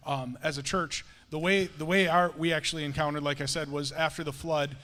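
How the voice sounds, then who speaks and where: A man leads a conversational sermon and tells his stories in an animated way, stumbling and restarting as he goes. His voice sits a little higher than most men's. The hall around him carries a long, ringing reverb. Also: brisk. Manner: animated storytelling, many restarts. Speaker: pastor. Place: church sanctuary.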